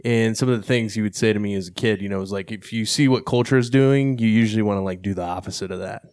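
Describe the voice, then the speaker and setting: A man's voice: lowish voice, fast talker, darkish tone, dry recording, studio quality. A man hosting a podcast interview, asking long, winding questions in a laid-back way. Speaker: podcast host. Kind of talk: casual interview.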